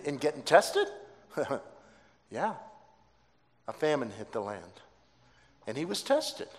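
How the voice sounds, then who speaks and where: Animated high-voiced man preaching in a hall. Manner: dramatic, emphatic storytelling. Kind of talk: sermon. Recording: long hall reverb.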